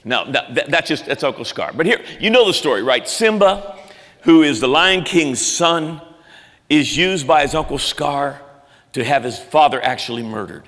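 A man preaching a sermon, swinging between loud emphatic lines and quiet low ones. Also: expressive, normal speed, in a large hall. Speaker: pastor.

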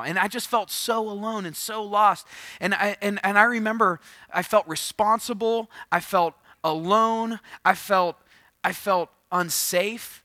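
Bright, lively man preaching through a story. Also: high voice, moderate pace, no echo. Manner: humorous, self-deprecating, bursts into loud acted quotes. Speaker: pastor. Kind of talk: storytelling sermon.

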